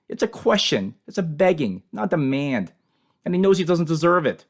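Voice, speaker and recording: A man giving an earnest, measured scripture commentary as a Bible teacher, in short emphatic phrases. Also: fairly high pitch, sing-song.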